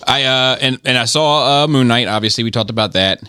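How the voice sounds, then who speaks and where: A man's voice: mid-range voice, a little fast, pushed and bright, clear, resonant tone, dry recording, clean studio sound. A middle-aged man and podcast host in casual chat, telling a rambling, profane story.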